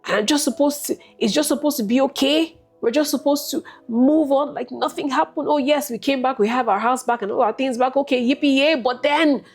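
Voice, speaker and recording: A woman guest giving an emotional personal testimony, candid and soft-spoken, driving points home with repetition. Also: high-pitched, fairly quick, hardly any pauses, breathy edge, soft background music. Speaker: guest sharing a personal story.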